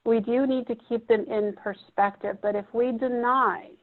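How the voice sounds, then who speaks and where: A woman's voice: a little high, steady tone, normal speed. A woman gives a reflective teaching talk to a room of therapists, putting questions to the audience. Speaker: presenter at a training. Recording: muffled phone-like audio.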